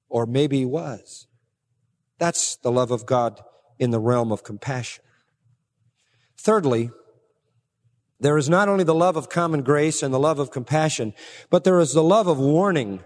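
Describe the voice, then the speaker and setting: A man preaching a sermon emphatically, pressing some words hard and dropping low and slow on others. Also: a little mellow. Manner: emphatic, swings between raised stresses and low, slow drops. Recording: long reverb of a large hall.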